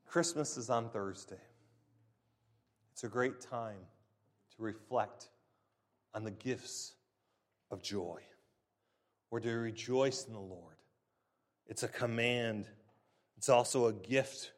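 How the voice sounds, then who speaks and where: A man preaching a sermon in an emphatic, deliberate way, stressing key words. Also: medium pitch.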